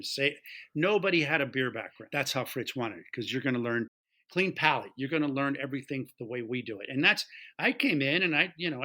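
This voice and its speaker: A middle-aged man telling a story in casual conversation, animated and acting out the voices of the people he quotes. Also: mid-range voice. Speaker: guest, taproom owner.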